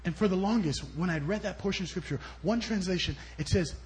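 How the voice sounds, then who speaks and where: Guy preaching in church, pretty high voice, tells stories, goes loud then soft. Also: fast talker. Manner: storytelling, swings between loud bursts and soft asides. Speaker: guest preacher. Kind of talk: sermon. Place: church service.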